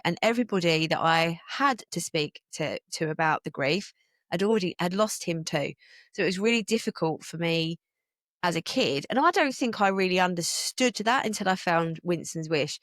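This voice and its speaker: A woman's voice: on the low side, a bit bright, no room sound, clean studio sound. Chatty British woman podcast host. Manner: chatty, rambling, gets emotional. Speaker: podcast host and business coach. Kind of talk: casual podcast monologue.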